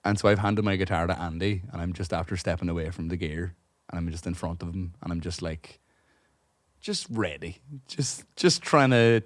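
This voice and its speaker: Irish podcast co-host, young adult male, lowish register, casual and profane, tangents everywhere. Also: normal speed, dry recording, clean studio sound. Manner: animated, profane anecdote telling with many asides. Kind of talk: casual storytelling chat. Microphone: podcast studio microphone.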